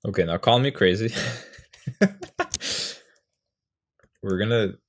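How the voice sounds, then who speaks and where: A man's voice: low-pitched, fairly even intonation, moderate pace, vocal fry. A young man explaining how to write a poem in a casual, rambling, self-mocking way, sounding out rhythms aloud. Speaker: poetry tutorial host.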